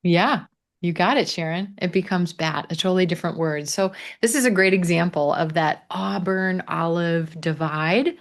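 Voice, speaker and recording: A man with a Missouri accent teaching English pronunciation in a live online class, modeling phrases slowly for learners to repeat. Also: sits high, gravelly, fairly bright tone. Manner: slow, drawn-out model phrases. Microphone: video call.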